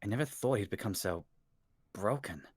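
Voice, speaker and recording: A man reading the lines of a worried, apologetic young male hero in a fanfiction reading, in a soft, subdued voice. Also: fairly low pitch, animated, moderate pace, breathy edge, no room sound, clean studio sound, voice pushed down.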